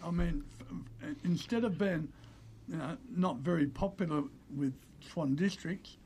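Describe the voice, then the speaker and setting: An older Australian man telling animated stories as an interview guest, acting out the voices of the people he quotes. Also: fairly high pitch, unhurried, a little hiss or hum. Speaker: interview guest, former player agent. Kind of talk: conversational storytelling.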